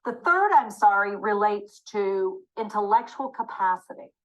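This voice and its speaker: A woman's voice: mid-range voice, lively intonation, measured pace, lo-fi sound. A woman teaching dementia care techniques in a webinar, speaking emphatically and acting out short apology phrases as examples.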